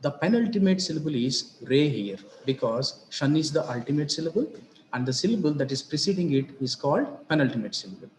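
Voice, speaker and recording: A man giving a grammar lesson on word stress, speaking slowly and deliberately and repeating example words. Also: fairly high pitch, animated, darkish tone, echoey room, slight background noise. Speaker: English teacher.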